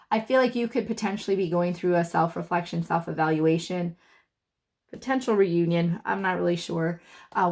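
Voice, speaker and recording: A woman's voice: medium pitch, gravelly. Chatty woman reading tarot cards. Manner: chatty, thinking aloud with many fillers. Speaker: tarot reader.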